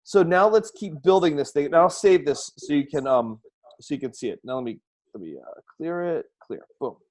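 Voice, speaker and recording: A man hosting a live coaching show, talking excitedly and firing off repeated rhetorical questions over a video call. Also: a little high, moderate pace. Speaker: host and speaking coach. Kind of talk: energetic live-stream coaching talk.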